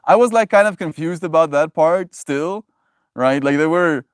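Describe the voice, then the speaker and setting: A man's voice: moderate pace, smooth, dry recording, clean studio sound. A man hosting a daily livestream, chatting casually and reading out viewer comments. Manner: animated, swings into higher voices when acting out reactions. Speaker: livestream host.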